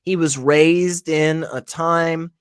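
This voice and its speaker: Slow, deliberate man in chat. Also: on the high side, steady tone, clean tone, no room sound, studio quality. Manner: measured, deliberate, reasoning aloud. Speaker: livestream guest. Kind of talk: casual livestream chat.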